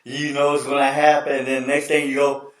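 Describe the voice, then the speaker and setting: A man hosting a casual sports chat show, telling stories in an animated, slangy way. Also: medium pitch, brisk. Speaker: host. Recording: echoey room, distant mic.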